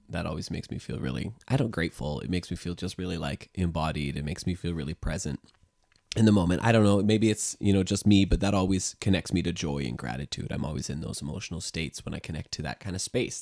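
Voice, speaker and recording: A man's voice: sits low, darkish tone, dry recording, clean studio sound. A man working as a music teacher and sound therapist, guiding listeners through voice exercises in an easygoing, rambling way full of fillers.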